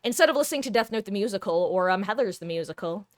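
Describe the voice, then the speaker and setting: A woman gaming streamer in casual live-stream chat, rambling and animated, laughing often. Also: mid-range voice, fast talker, no room sound.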